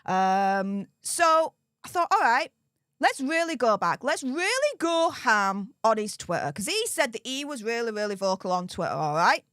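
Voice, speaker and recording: A woman, hosting a casual livestream and teasing her audience in a lively, mocking way. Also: fairly high pitch, moderate pace, clear, resonant tone, no room sound, clean studio sound. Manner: animated and mocking, gleefully teasing. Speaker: livestream host. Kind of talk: casual live commentary.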